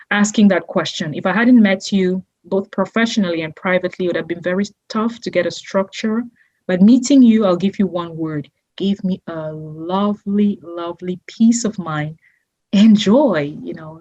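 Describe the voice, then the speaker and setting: Husky-voiced woman giving effusive thanks. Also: on the low side, darkish tone, highs cut off. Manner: effusive, repeats imagery, laughs often. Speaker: guest, entrepreneur. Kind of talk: emotional testimonial interview.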